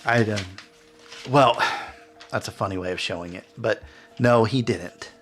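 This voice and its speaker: A man's voice: on the low side, unhurried, a bit bright, faint music behind. A man voicing a haughty, mocking female vampire prince in a tabletop game, with a sly, sarcastic manner. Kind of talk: tabletop role-play voice acting.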